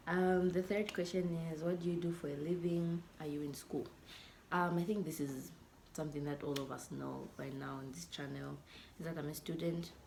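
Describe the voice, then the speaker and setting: Gravelly young Zambian woman vlogging. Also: sits low, darkish tone, slight background noise. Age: 20s. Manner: chatty, playful, often drops to a near-whisper. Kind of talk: casual to-camera vlog.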